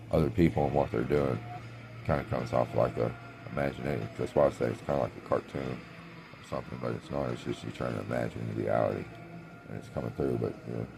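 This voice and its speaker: A man talking in a meandering spiritual monologue, trailing off with many pauses, as a self-described clairvoyant. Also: extremely low pitch, creaky.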